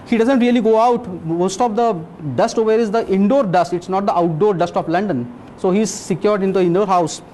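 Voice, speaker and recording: A man voicing a shrewd male detective who lays out his deductions slowly and calmly, in much his own voice. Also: high voice, natural voice. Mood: explaining. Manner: slow, deliberate explaining.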